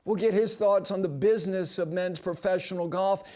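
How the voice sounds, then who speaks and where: A man's voice: high-pitched, normal speed. A man hosting a golf talk show on television, telling stories and making emphatic points in a broadcast studio. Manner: animated storyteller with emphatic asides. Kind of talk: broadcast sports commentary.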